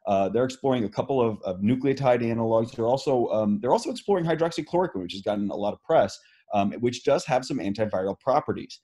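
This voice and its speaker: A man's voice: mid-range voice, lively intonation, quick pace, dark tone, breathy edge. A man, speaking as an interviewed scientist, explaining earnestly with many fillers and restarts. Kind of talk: video call interview.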